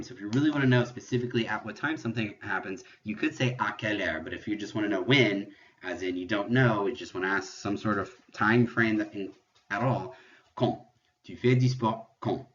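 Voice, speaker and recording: A man's voice: medium pitch, muffled recording. A man teaching a virtual French lesson, explaining step by step and moving between English and French. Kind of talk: virtual classroom lecture.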